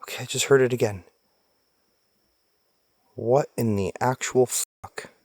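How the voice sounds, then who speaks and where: A young man vlogging while camping alone in a forest at night, jumpy and nervous, swearing and calling out into the dark. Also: medium pitch, measured pace, no room sound, studio quality. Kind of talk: casual vlog commentary.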